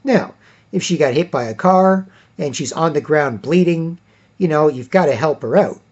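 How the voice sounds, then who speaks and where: Speaking at normal speed with a voice on the high side, this man has lively intonation and a darkish tone, captured in a muffled recording. In his casual monologue as a commentator, he's emphatic, says things over and over, and performs the quotes he cites.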